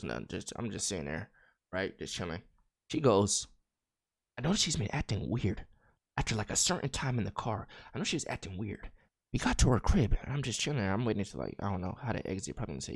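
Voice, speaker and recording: Bright, animated young man telling a story. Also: on the low side, normal speed. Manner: animated, slangy and profane, with lots of filler. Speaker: streamer. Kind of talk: casual storytelling.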